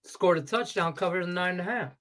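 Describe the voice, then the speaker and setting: Fast and high-pitched, a man tears into a profane, animated rant on a casual sports betting talk show in Las Vegas. He sounds heated, and his stuffed-up sinuses give his voice a congested tone.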